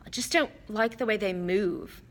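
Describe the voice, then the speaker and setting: A woman reading an audiobook, voicing a blunt, jumpy schoolboy who speaks gruffly. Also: mid-range voice, normal speed, lightly acted.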